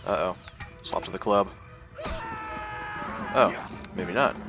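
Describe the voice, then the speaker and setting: A man's voice: sits low, slow, music in the background. A man giving casual, muttered commentary while playing a game. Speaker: gameplay commentator. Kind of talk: casual let's-play commentary.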